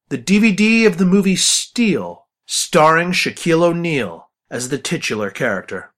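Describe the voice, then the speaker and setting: A man with a fairly high voice that swoops and jumps around, hosting a story podcast. His reading is dry and teasing, with a theatrical flair. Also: fairly bright tone. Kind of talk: wry scripted reading.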